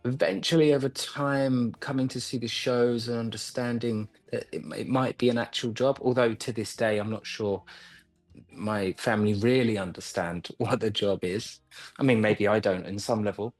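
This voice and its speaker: A man's voice: medium pitch, steady tone, a little mellow, faint music behind. Thoughtful male actor from London. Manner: thoughtful, with frequent pauses and restarts. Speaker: actor and acting coach. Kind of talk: reflective interview answers.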